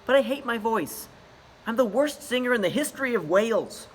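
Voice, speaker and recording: A man's voice: extremely high pitch, expressive, fairly quick, pitched above the performer's own voice. A man voicing a sulky, self-pitying young male narwhal in a picture book story, in a whiny, strained voice. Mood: upset.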